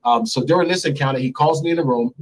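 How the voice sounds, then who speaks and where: A man in his thirties, recounting a story candidly and profanely in an interview, getting animated as he goes. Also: quick pace, slight background noise, poor audio. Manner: animated, profane, climbs high when excited. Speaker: interview guest. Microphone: remote stream mic.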